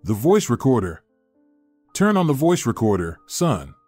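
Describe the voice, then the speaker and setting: A man's voice: mid-range voice, huge pitch swings, measured pace, a little mellow, no echo, faint music behind. Brief: man playing a pleading elderly cleaning lady, urgent, dry close read. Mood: desperate.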